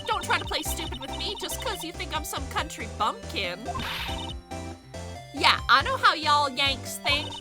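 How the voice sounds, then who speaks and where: A woman voicing a brash, loud young Southern country woman with a put-on Southern drawl while playing a video game. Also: high voice, sing-song, measured pace, over music, voice pushed up. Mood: sassy. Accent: generic Southern US put-on. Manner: drawling, sassy, folksy. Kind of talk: video game voice-over play-through.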